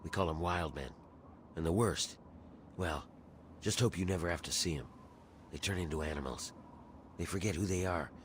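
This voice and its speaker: A gruff one-eyed rebel in a video game, voiced by a man, talking in a very low, blunt and grim way. Faint game noise sits behind his voice. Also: normal speed, pauses often, natural voice. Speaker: game character.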